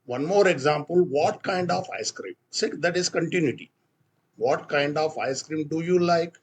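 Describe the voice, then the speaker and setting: Man, husky voice, halting explanations, lesson. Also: fairly high pitch. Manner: halting, explains with many restarts and fillers. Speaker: English teacher. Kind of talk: spoken English lesson.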